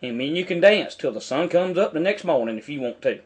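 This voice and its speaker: Heated high-voiced man ranting. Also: lively intonation, fast, breathy edge. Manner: heated, preachy, talks back at the screen. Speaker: video commentator. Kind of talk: angry commentary over a news clip.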